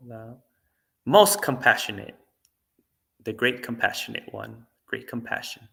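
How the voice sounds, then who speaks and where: Bright-voiced monk telling a teaching story. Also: male voice, mid-range voice, unhurried, vocal fry. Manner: relaxed, conversational, many fillers. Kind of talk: dharma talk with storytelling.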